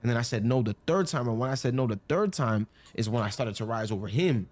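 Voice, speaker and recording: A man's voice: mid-range voice, animated, fast talker, a little mellow, no room sound. A young man telling a personal story casually, rambling with many fillers and acting out the quoted lines. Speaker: storyteller guest.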